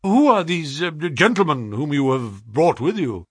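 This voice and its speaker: A man voicing a shaken, nervous middle-aged company man who stammers and strains to sound calm. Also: fairly high pitch, measured pace, slightly rough, no echo, clean studio sound, pitched above the performer's own voice, heavily acted.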